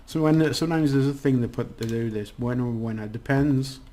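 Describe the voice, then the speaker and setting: A man's voice: medium pitch, fairly quick, warm tone, slight background noise. Rambling man teaching a casual lesson. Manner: chatty, rambling, many restarts and fillers. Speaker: language teacher.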